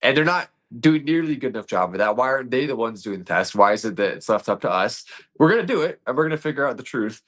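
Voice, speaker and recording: A man's voice: medium pitch, lively intonation, quick pace, a bit bright. A man co-hosting a casual political chat, ranting earnestly in long runs full of rhetorical questions. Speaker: podcast co-host.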